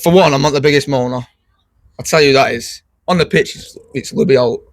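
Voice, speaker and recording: A man's voice: mid-range voice, brisk, dry recording. A man, a footballer joking about himself in casual post-match chat. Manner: jokey, laid-back.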